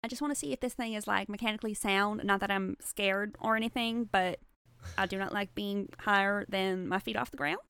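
A woman's voice: medium pitch, creaky, fairly bright tone, clean tone, no room sound. A woman playing a tabletop game, joking and giggling as she rambles in character. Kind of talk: casual play at the table.

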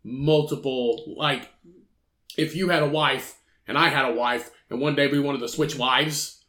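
A man's voice: medium pitch, steady tone, bright, forceful tone. A man co-hosting a podcast, reading out a news story and ranting with heavy profanity in casual chat. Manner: profane, ranting, quick bursts. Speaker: podcast co-host.

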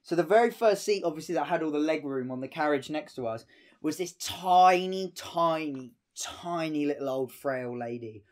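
A man's voice: a little high, normal speed. A young man telling a rambling, sweary anecdote in casual chat, full of fillers.

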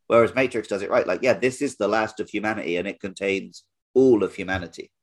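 A man hosting a casual podcast discussion, making points in a relaxed way with frequent fillers. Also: on the low side, moderate pace. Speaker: podcast host.

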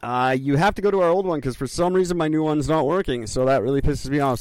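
A man's voice: a little high, quick pace, few pauses, darkish tone, no echo. A man co-hosting a casual podcast chat, rambling and self-mocking. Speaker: podcast co-host.

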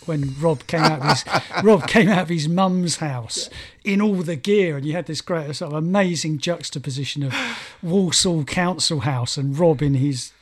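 A man's voice: on the high side, normal speed, hardly any pauses. A man hosting a casual chat, agreeing often and bringing up points of music history. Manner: frequent agreeing "yeah" and laughter.

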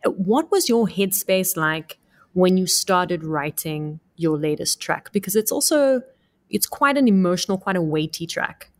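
A woman's voice: on the low side, animated, a little slow. A woman hosting a talk show, asking her guest questions in a bubbly, chatty way with frequent laughs and exclamations. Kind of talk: casual interview chat.

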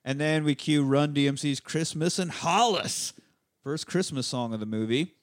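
A man hosting a podcast, recapping a movie in a loose, profane way and slipping into quick character voices. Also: on the high side, dry recording, clean studio sound. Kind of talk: casual chat.

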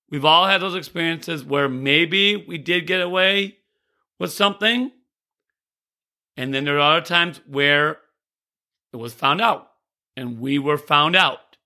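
A man's voice: on the high side, sharp tone. A male teacher telling a personal story about owning up to a mistake, earnest and repeating phrases for emphasis, stumbling over restarts now and then. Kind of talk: personal story, motivational talk.

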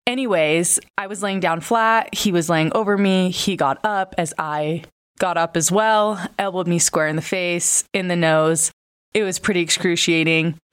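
A woman of twenty-five hosts a casual podcast in a congested, nasal voice from a broken nose. She sits a touch lower in pitch than most women. Her talk is candid and chatty, full of fillers and swearing. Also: moderate pace, clear, resonant tone. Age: 20s. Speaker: podcast host. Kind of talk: casual chat.

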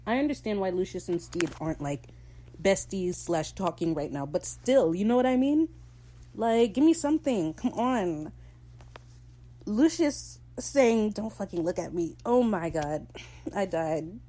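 A woman hosting a casual solo recap, talking in an animated, gossipy way and quoting characters in little voices. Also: medium pitch, measured pace, low-quality recording. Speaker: podcast host recapping a TV episode.

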